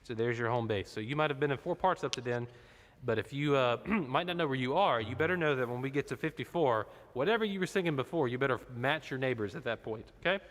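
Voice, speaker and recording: A man's voice: medium pitch, fast talker, fairly bright tone. A man directing a choir rehearsal, explaining parts and singing short demonstrations between instructions. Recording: reverberant room with instrument behind.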